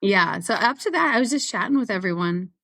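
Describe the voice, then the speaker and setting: Brisk and sharp-toned, the woman, an ultrarunner appearing as a show guest, tells stories with lively intonation and frequent laughter. Her mid-range voice keeps the interview chat casual.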